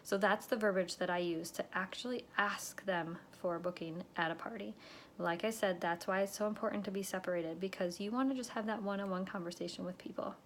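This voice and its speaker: A direct sales consultant with an ordinary middle-pitched voice gives instructional talk to sales reps, relaxed and chatty. She keeps checking in with "okay?" and slips into the lines she uses on customers, with a faint room hum behind her.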